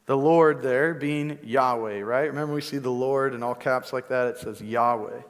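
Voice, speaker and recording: A man's voice: medium pitch, moderate pace. A male preacher giving a conversational teaching sermon, often checking in with "right?" asides. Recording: long reverb in a large hall.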